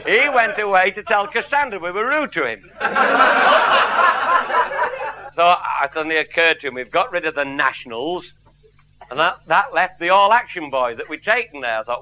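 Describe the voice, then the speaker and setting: A man's voice: high-pitched, animated, measured pace, long pauses, very noisy. Blunt man spinning a yarn. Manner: blunt, earthy and wry. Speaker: storyteller. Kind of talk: comic anecdote before a live audience.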